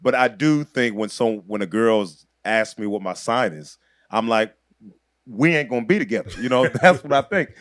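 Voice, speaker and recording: In a clean studio recording with no room sound, a man in his thirties appears as a comedian guest on a podcast. His medium-pitched voice has lively intonation and moves at a normal speed as he energetically tells a story, acting out other people's voices and laughing along the way.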